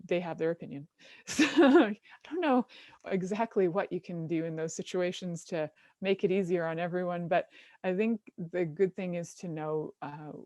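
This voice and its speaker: A middle-aged woman hosting a talk show in a casual, animated monologue. Her voice sits a little low and sounds close and dry, with no room around it. She laughs often and slips into little voices as she tells stories. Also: no room sound. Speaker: show host.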